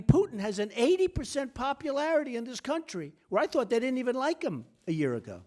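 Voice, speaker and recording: A man's voice: high-pitched, a little mellow. A man giving a luncheon speech as a guest speaker, boastful and repetitive, talking in punchy short phrases at a podium microphone. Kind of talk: speech delivered as casual anecdotes. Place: hall at a press club luncheon.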